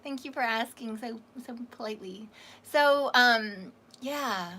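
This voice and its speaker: High-pitched woman from canada, bit raspy, chatty livestream psychic calling everyone honey. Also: measured pace, bright, forceful tone. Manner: chatty and affectionate, calls viewers honey. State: slightly raspy from dehydration. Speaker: psychic reader hosting a livestream. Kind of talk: casual livestream chat, greeting viewers.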